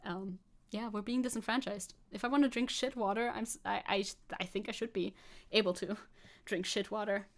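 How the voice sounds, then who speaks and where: A woman's voice: medium pitch, steady tone, normal speed. A woman streamer giving casual, sarcastic commentary, laughing often and swearing. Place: hot room at home.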